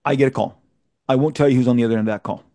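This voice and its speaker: A man being interviewed, telling a long story in a casual, animated way, often restarting and repeating words as he goes. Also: mid-range voice, racing, no echo, clean studio sound. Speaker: interview guest.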